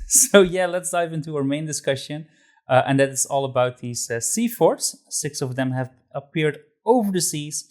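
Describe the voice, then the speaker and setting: A man's voice: fairly high pitch, expressive, normal speed, a little mellow. A man hosting a podcast, introducing the episode and guest in a loose, friendly way with fillers. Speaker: podcast host.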